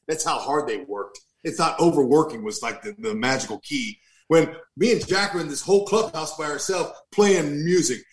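A man in his fifties, a former pro ballplayer, telling stories in an animated, joking way with lively asides. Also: on the high side. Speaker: former pro baseball player. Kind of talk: storytelling interview.

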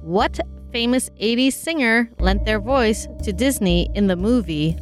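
Female trivia co-host, slow and higher-pitched, giggly and self-deprecating. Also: expressive, soft background music. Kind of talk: reading trivia questions and casual banter.

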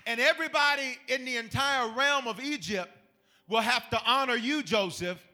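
A preacher doing a booming, boastful Pharaoh. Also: male voice, moderate pace, bright, forceful tone, full character voice. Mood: proclaiming. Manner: booming, exuberant, laughing proclamations. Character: boastful grand Pharaoh, a male king.

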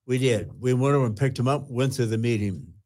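An older man, a retired pastor, earnestly telling his personal testimony with halting restarts. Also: mid-range voice, darkish tone.

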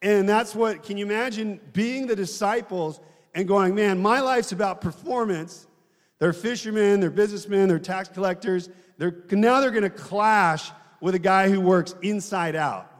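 A man's voice: sits high, moderate pace, big-room sound. A man preaching a sermon in a conversational way, often asking the congregation questions.

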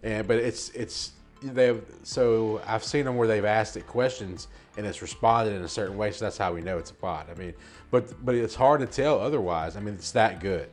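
A man co-hosting a casual podcast in a relaxed, teasing way, tossing in slang as he talks. His voice sits somewhat low. Faint music runs in the background. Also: normal speed. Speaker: podcast co-host. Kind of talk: casual chat.

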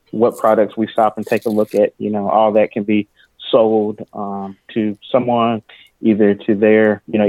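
A man speaking as a guest on a casual panel, relaxed and hesitant with many fillers. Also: on the low side, dry recording. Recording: tinny phone-like call line.

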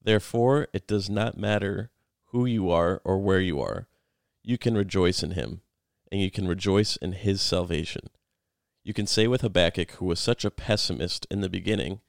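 Man impersonating an older Southern radio preacher, emphatic delivery, deep voice, dry sound. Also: normal speed, gravelly, no echo. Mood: earnest preaching. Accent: American Southern. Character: older male Southern radio Bible teacher, earnest.

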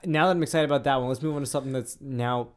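Smooth-voiced joking man in casual chat. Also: medium pitch, racing. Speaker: podcast co-host.

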